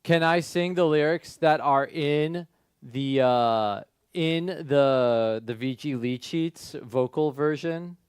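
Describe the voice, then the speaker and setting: A man hosting a request livestream, talking slowly as he thinks aloud and laughs at his own mix-ups. His voice is smooth, clear and a touch higher than most men's, with a flanger effect doubling it. The sound is dry and close, with faint music underneath. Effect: flanger and reverb on his voice. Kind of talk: casual livestream chat.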